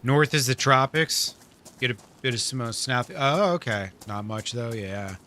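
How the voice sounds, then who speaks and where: A man's voice: medium pitch, unhurried, bright, forceful tone, a little hiss or hum. A man live-streaming a survival game, chatting casually with his viewers, laid-back, laughing often and swearing freely.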